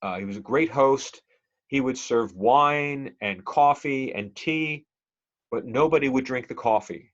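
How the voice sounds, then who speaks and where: A man's voice: mid-range voice, measured pace, a bit bright, lo-fi sound. A male instructor giving a conversational, digressive classroom lecture and quizzing the class with questions.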